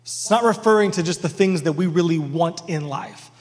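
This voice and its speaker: A man in his thirties preaching a sermon, telling family stories in a conversational, animated way and often repeating words. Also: on the high side, normal speed, long reverb tail. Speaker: pastor.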